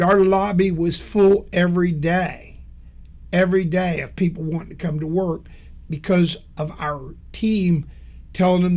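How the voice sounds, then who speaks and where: A man's voice: fairly high pitch, darkish tone. A middle-aged man giving a blunt, emphatic motivational business talk, telling stories from his own work. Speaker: business speaker.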